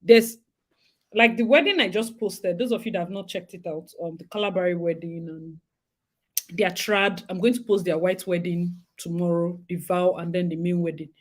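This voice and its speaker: Animated Nigerian woman from Rivers State. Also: fairly low pitch, moderate pace. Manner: animated, laughing often, mixing in pidgin. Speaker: host. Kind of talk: casual live chat.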